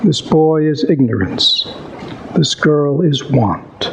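A man voicing a solemn ghostly spirit with slow, grave warnings, read aloud from a storybook. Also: a little high, expressive, a little hiss or hum, low-quality recording.

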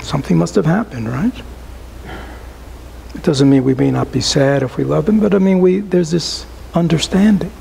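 A man giving a relaxed, conversational dharma talk to a small group as a Buddhist teacher, often asking rhetorical questions and adding "right?". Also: on the high side, normal speed, vocal fry, a little hiss or hum, low-quality recording.

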